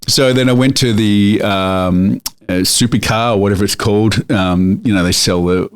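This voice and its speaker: A man's voice: fairly low pitch, fairly even intonation, moderate pace, clean tone. A middle-aged man with an Australian accent co-hosting a podcast, telling a story in a rambling way with lots of fillers and restarts. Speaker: podcast co-host. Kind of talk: casual chat and storytelling.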